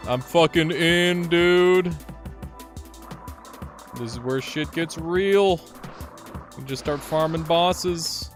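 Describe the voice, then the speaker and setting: A young man streaming a game, telling a story in a casual, animated way, swearing freely, laughing often and jumping higher when excited. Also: extremely slow, long pauses, soft background music. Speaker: gaming streamer. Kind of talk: casual live-stream chat.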